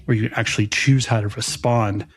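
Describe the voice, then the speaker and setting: A man co-hosting a podcast, thinking aloud in a gravelly, husky voice. He circles around ideas and restarts phrases as he works his way through them. The sound is close and dry, with no room around it. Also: on the low side, steady tone, brisk, no room sound. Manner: reflective, searching for words with restarts. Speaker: podcast co-host. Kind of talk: casual podcast conversation.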